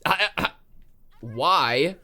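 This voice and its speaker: A man casually co-hosting a game let's play, teasing his partner in quick playful bursts. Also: on the high side, animated, sharp tone. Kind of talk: casual gameplay commentary.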